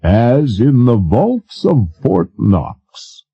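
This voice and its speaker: A man's voice: medium pitch, very animated, breathy edge, dry recording, lo-fi sound, voice pushed up, exaggerated voice. A man doing an indulgent, gracious president. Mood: composed. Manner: indulgent, slow and measured. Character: indulgent middle-aged male president, smooth and gracious.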